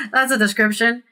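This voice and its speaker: Chatty woman gamer with a bright voice. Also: on the high side. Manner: chatty, reads quest text aloud and reacts. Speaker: gaming streamer. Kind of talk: casual let's play commentary.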